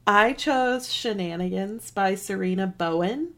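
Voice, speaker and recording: A woman's voice: mid-range voice, unhurried, a bit bright. Matter-of-fact woman podcaster. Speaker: podcast co-host. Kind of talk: casual chat.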